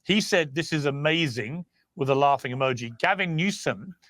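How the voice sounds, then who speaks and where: A man with a British accent moderating a live TV debate, brisk and cutting in. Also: fairly high pitch, a bit bright, no room sound. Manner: interrupting, brisk. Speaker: talk show host.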